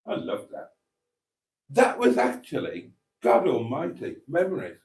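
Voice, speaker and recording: A man's voice: fairly high pitch, huge pitch swings, measured pace, creaky, darkish tone. A man hosting a livestream, reading viewer comments aloud with groaning asides and bits of sung song lyrics. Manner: reads chat aloud, sings snatches of songs, groans and mutters asides. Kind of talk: casual livestream chat.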